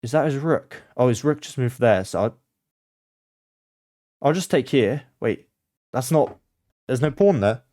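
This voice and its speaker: A man's voice: mid-range voice, lively intonation, measured pace, pauses often, no room sound. Man muttering chess moves, dry sound. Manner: mutters moves to himself, swings between quiet focus and flustered panic. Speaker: chess content creator. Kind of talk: thinking aloud while playing blindfold chess.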